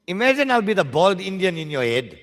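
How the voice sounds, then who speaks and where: A man's voice: high voice, very animated, fairly quick, a bit bright, in a large hall. A South African man teaching maths at a live exam workshop, joking with learners in slangy banter.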